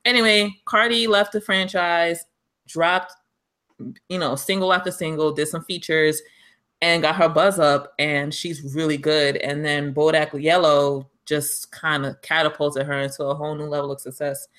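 Brief: New York woman co-hosting a podcast, casual and emphatic, bright forceful tone. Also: sits low, flat delivery, moderate pace. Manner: chatty, emphatic, laughs often. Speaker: podcast co-host. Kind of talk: casual chat.

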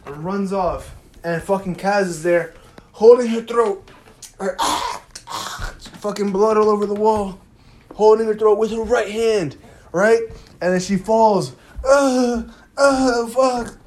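Animated, profane young man recapping. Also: sits high. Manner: animated, slangy, profane storytelling; fills gaps with "da, da, da". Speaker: TV recap vlogger. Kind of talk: casual episode recap.

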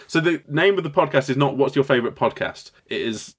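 Lively-toned male podcast co-host. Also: medium pitch, a little fast, slightly rough. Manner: reads listener questions, dry teasing asides. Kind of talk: casual chat.

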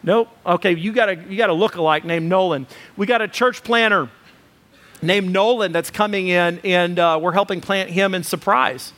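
Man, pastor, sermon, high voice, talky with fillers, emphatic lists. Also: normal speed, a bit bright. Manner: conversational preaching with fillers, rising to emphatic lists.

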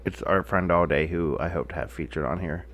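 A man's voice: low voice, brisk, slight background noise. A man co-hosting a podcast in casual chat, laid-back with short replies and easy laughs. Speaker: podcast co-host.

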